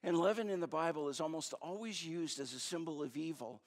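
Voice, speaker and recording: A man preaches a sermon in a relaxed, conversational way, pausing with fillers as he searches for words. His voice sits slightly above the usual pitch for a man. The recording carries the long reverb of a large church hall. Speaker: pastor.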